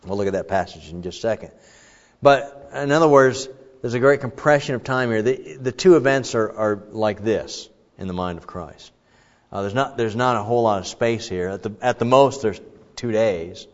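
A man's voice: on the low side, moderate pace. Man preaching in a reverberant hall. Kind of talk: sermon. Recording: muffled sound with long hall reverb.

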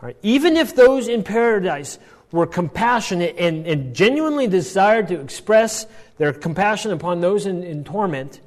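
A man's voice: sits high, sing-song, moderate pace, in a large hall. A man teaching a Bible passage, explaining step by step and checking in often with "all right" and "right?".

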